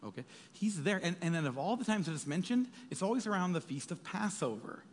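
A man preaching a sermon as pastor, animated and jokey, slipping into quick acted asides. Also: sits high, slight background noise. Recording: reverberant hall.

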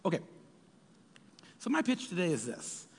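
Animated preaching man in a reverberant hall. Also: high-pitched, normal speed, creaky, a little hiss or hum. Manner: animated, jokey preaching with acted asides. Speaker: pastor. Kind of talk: sermon.

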